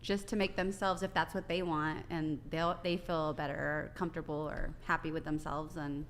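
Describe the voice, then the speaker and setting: A young woman guest on a casual panel chat, animated and chatty, giggling as she talks. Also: sits low, moderate pace.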